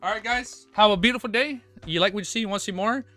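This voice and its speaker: A man's voice: high voice, fast, pushed and bright, no echo, soft background music. A young man streamer rambling casually through his outro from the floor at home, often breaking into playful baby talk with his dog. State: low energy.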